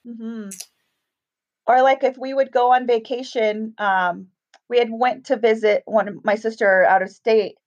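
A woman's voice: fairly high pitch, unhurried. A middle-aged woman casually telling a story, acting out the voices of the people in it. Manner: animated, acts out quoted voices. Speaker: guest telling a ghost story. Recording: dull, lo-fi sound.

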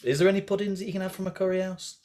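A man's voice: high voice, flat delivery, rapid-fire, a little mellow. A man who teases and laughs a lot in a casual video call chat.

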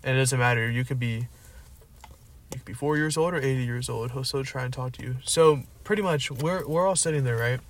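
A man's voice: medium pitch, brisk. A young man co-hosting a casual podcast, telling a rambling story full of likes and rights, recorded in a car. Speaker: podcast co-host.

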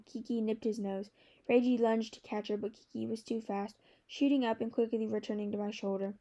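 Woman audiobook narrator, measured storytelling, mellow and slightly high. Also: little pitch movement, dull audio. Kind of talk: scripted narration.

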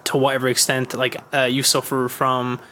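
A man's voice: medium pitch, moderate pace, a little hiss or hum. A man hosting a podcast in casual chat, swearing a lot and acting out quoted lines as he talks. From Ireland. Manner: swearing, animated storytelling with put-on quotes. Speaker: podcast host.

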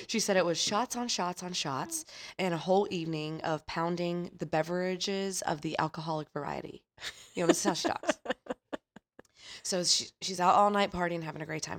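A woman co-hosting a casual podcast, retelling a friend's story. She speaks in a slightly low register. Her delivery is animated and chatty, with frequent laughs and casual swearing. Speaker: podcast co-host.

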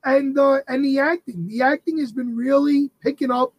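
A man in his fifties, a guest entertainer, telling animated anecdotes in a casual interview with frequent restarts. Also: very high voice, normal speed, no room sound, rough recording. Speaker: guest entertainer and Elvis performer.

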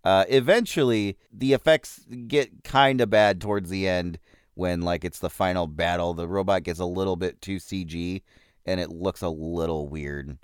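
Male podcast host, low smooth voice, casual rambling review style. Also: steady tone, normal speed, dry recording, studio quality. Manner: rambling, loose, with fillers and chuckles. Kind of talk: casual movie review monologue.

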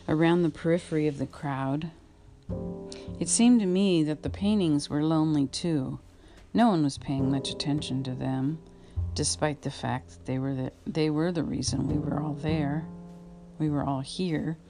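A woman reading her memoir aloud in an unhurried, reflective way, now and then stopping to correct a slip. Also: sits low, steady tone, music in the background. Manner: unhurried, reflective, with occasional slips and rereads. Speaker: memoir reader.

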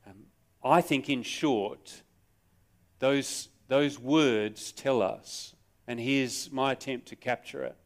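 A man's voice: medium pitch, fairly even intonation, takes it slowly, creaky. An Australian man preaching a sermon at a live church service in a conversational way, asking the congregation questions and telling stories with drama. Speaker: pastor.

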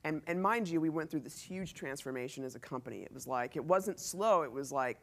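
A man's voice: fairly high pitch, brisk. A man speaking as a company CEO in a conference talk before a live audience, telling stories animatedly and acting out the dialogue. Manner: animated storytelling, acts out quoted dialogue, laughs often.

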